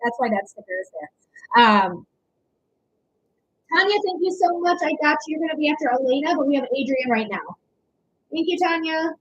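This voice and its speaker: Chatty high-voiced woman livestreaming. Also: lively intonation, moderate pace, long pauses, dull audio. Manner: chatty, affectionate, frequent "okay?" and "um". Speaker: livestream card reader. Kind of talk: casual livestream chat, reading comments.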